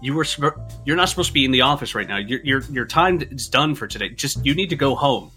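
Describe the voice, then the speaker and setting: A man playing a brisk male city watch captain who gives curt orders, in a tabletop game. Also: on the low side, sharp tone, soft background music. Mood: commanding. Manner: curt and commanding.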